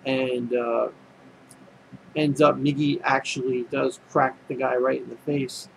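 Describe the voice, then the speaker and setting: A man's voice: medium pitch, level tone, measured pace, vocal fry, background noise. A man casually recapping an anime episode, rambling and full of fillers and restarts. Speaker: anime reviewer.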